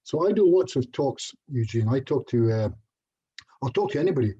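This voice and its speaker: A man's voice: mid-range voice, expressive, brisk, mellow, husky, dull audio. A middle-aged Scottish man giving a casual online presentation as a hypnotherapist, chatty and self-deprecating, with little jokes. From Scotland.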